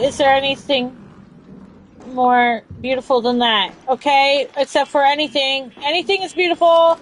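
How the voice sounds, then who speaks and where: A woman's voice: high voice, steady tone, moderate pace, slight background noise, rough recording. A young woman streaming a video game, chatting casually with dramatic, playful laments and free swearing. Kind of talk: casual gameplay chat.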